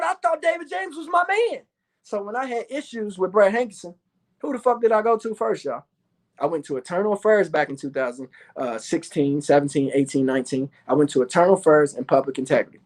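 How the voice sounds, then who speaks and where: A man with a Louisville, Kentucky accent telling his own story in a profane, excitable monologue, acting out the other people's voices. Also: very high voice.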